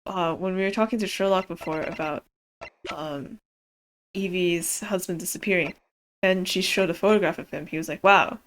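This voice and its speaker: A woman's voice: on the low side, moderate pace, a little hiss or hum. A woman streamer chatting casually while playing a game, rambling and self-mocking. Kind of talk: casual live-stream chat. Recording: game music playing behind.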